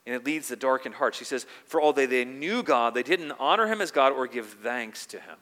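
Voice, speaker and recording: Earnest preacher in a reverberant hall. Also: male voice, medium pitch, expressive, brisk. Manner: earnest, rises in volume when quoting scripture and drops soft on reflective points. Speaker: pastor. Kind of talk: sermon.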